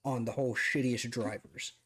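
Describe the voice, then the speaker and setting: A man hosting a casual stream, talking in an animated, rambling way with swearing. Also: medium pitch, moderate pace. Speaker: streamer host. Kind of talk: casual chat.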